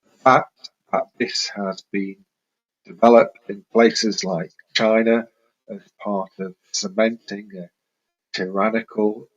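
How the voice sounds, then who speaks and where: A man speaking as a talk show guest, measured and earnest. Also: on the low side, flat delivery, highs cut off. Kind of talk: interview talk.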